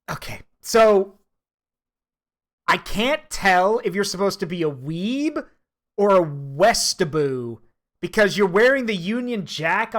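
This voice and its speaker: A woman streaming a game, reading its dialogue aloud and reacting with excitable, profane commentary over faint game music. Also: mid-range voice. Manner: excitable, swears and laughs, comments freely.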